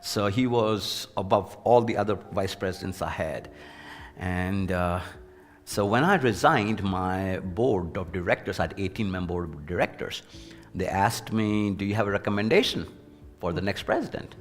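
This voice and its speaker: A man and former university president tells an earnest personal story in an interview, lively whenever he quotes other people. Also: deep voice, normal speed, in a large hall, soft background music. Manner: earnest, anecdotal, animated when quoting others.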